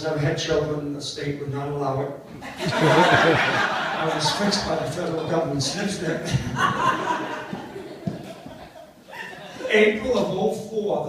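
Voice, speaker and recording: An older man, joking and rambling through self-mocking stories for a party crowd. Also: fairly high pitch. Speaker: party entertainer. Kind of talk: comic storytelling to a live party. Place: party hall. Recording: echoey hall from far off, noisy.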